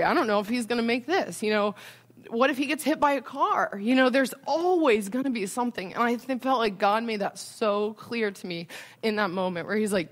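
A young adult woman giving a casual Christian parenting talk in a conversational way, often checking in with "right?". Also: on the high side.

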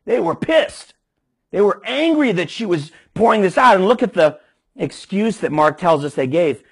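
A man's voice: sits high, lively intonation, normal speed, vocal fry, slightly rough. A man preaching a sermon emphatically, with frequent restarts as he explains scripture. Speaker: pastor.

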